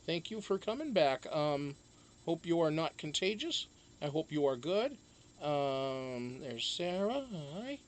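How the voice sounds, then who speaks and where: A man's voice: on the high side, very animated, slow pace. A man hosting a casual live stream, chatting loosely, greeting viewers one by one and swearing freely.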